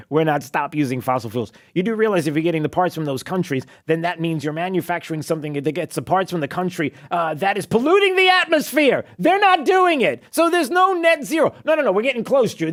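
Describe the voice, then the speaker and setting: A man hosting a talk radio show, giving mocking, opinionated commentary with frequent laughs and filler words. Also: very high-pitched. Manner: sarcastic, mocking, laughs often; many fillers and restarts.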